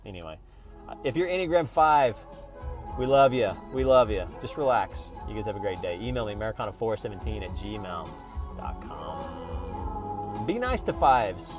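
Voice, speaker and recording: A man's voice: lowish voice, lively intonation, moderate pace, music in the background. A man from Oklahoma talking casually to camera in a rambling, playful travel vlog, full of restarts. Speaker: vlogger.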